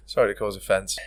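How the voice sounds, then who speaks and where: A man with a South Welsh accent hosting a casual chat, rambling and sweary, tired. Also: fairly low pitch. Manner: rambling, sweary, laid-back, lots of 'like'. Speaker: podcast host.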